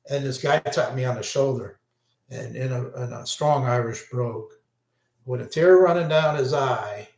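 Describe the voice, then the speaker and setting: Slow rambling older man, echoey room. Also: medium pitch. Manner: rambling, self-interrupting, enthusiastic. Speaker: vlogger recalling concerts. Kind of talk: casual rambling monologue.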